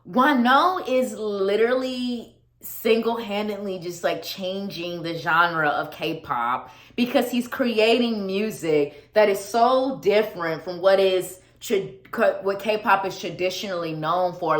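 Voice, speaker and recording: A woman vlogging an album review, gushing and animated, often laughing and repeating words for emphasis. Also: mid-range voice. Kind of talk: casual excited vlog talk. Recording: echoey room.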